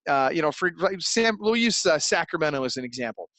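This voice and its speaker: A man's voice: fairly high pitch, very animated, fairly quick, pushed and bright, dry recording. A man coaching real estate agents in a webinar interview, emphatic and persuasive, with frequent restarts.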